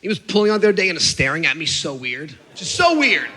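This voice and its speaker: Animated, bright-voiced stand-up comedian man. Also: a little high, brisk, long reverb tail. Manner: animated, incredulous storytelling. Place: on stage at a comedy show.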